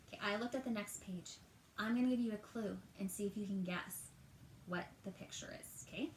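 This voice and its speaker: A woman's voice: a little high, echoey room, slight background noise, poor audio. A woman teacher reading a picture book aloud to young children at home, drawing out words and asking them questions. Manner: animated, drawn-out words, talks to children. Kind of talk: storytime read-aloud. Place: at home, roomy indoor space.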